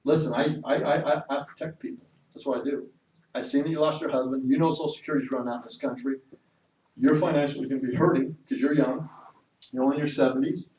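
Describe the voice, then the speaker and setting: A man voicing a pushy, smooth-talking male telemarketer giving a rapid-fire sales pitch, heard from a distance in an echoey room. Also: fairly even intonation, a little mellow, slight background noise, close to an everyday voice.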